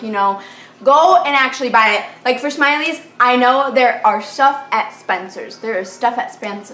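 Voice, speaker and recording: A fifteen-year-old girl telling a storytime vlog, animated and dramatic, full of "like" fillers, recorded on a camera mic in a bedroom. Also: mid-range voice. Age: teens. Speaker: vlogger. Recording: echoey room with faint hiss.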